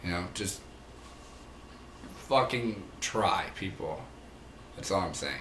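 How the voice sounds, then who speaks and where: A man's voice: sits low, lively intonation, slow, sharp tone, roomy sound, slight background noise. A young man ranting casually to the camera about rude people, heated and profane, rambling as he goes. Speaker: vlogger; manager.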